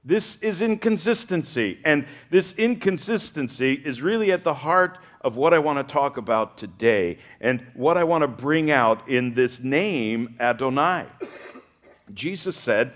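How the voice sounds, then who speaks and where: A male pastor preaching a sermon, lively and humorous, acting out the voices of the people he quotes. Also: mid-range voice, a little slow.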